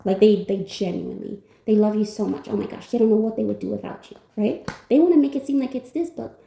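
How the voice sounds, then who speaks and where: A woman's voice: mid-range voice, fast, gravelly, warm tone, reverberant, a little hiss or hum. A woman giving a pick-a-pile tarot reading, talking in a blunt, emphatic, casual way with some swearing. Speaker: tarot card reader.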